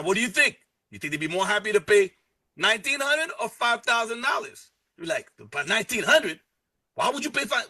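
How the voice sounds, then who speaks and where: High-pitched guy hyping a membership deal live, talks to chat, bright voice. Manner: energetic, repetitive, salesy, playful asides. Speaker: presenter pitching a travel membership.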